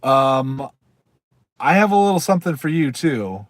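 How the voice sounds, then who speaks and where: Dude rambling thru a livestream, mid pitch voice, laughs a lot, dry close mic. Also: male voice, very animated, unhurried, no echo. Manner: chatty, rambling, laughs often, reads card backs aloud. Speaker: livestream host. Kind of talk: casual live-stream chat.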